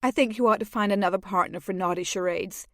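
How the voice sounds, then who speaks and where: A proud young noblewoman, voiced by a female narrator, defiant and guarded, whose indignation comes through in her replies. Her voice sits at a medium pitch. The recording is dry and close, with nothing of the room behind it. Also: fast, fairly bright tone, no room sound, lightly acted. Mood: wounded. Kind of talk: audiobook character voice.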